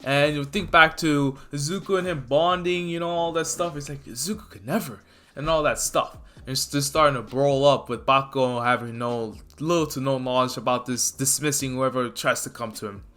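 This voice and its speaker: A man's voice: mid-range voice, steady tone, moderate pace, few pauses, pushed and bright, clean tone. Rambling male fan-story narrator. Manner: rambling, filler-heavy. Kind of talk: casual retelling of fan story. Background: faint lofi music.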